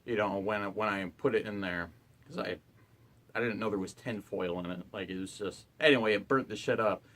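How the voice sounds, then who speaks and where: A man's voice: on the low side, a little fast, a bit bright. A young man and college student ranting to camera in his dorm room, exasperated and profane. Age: young adult. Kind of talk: ranting vlog.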